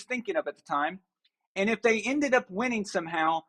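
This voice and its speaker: A man's voice: high-pitched, animated, a little fast, fairly bright tone. A man hosting a sports talk show, ranting and sarcastic. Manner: ranting, sarcastic, mocking impressions. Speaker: show host.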